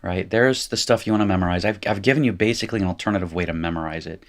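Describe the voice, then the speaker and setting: Deep-voiced Appalachian man teaching. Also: racing. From North Carolina. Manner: casual, self-correcting explainer who laughs at his slips. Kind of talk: recorded lecture.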